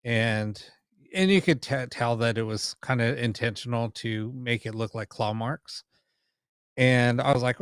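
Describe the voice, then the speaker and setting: A man's voice: mid-range voice, steady tone, a little slow, a bit bright, clear, resonant tone, no room sound, clean studio sound. A man hosting a paranormal live stream, telling stories casually with lots of ums, restarts and the odd curse word. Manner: rambling, many ums and restarts, mild swearing.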